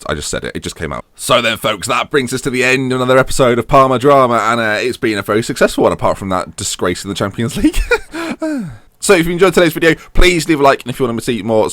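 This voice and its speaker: A young man commentating while playing a football manager game, swinging from muttered grumbles to yelling when a goal goes in. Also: medium pitch, no echo. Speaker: gaming YouTuber.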